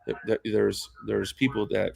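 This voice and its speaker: A man in his thirties, a podcast guest, telling his life story in a fast, emphatic, profane way. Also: fairly low pitch, fairly even intonation, vocal fry, a little mellow. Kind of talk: casual storytelling.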